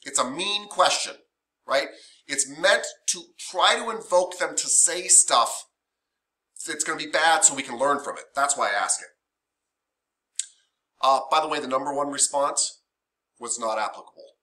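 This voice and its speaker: A man's voice: normal speed, long pauses. A man teaching a massage therapy class, chatty and emotional, acting out what clients say. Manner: animated, emotional, chatty with many fillers; acts out quoted clients in higher voices. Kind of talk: classroom lecture.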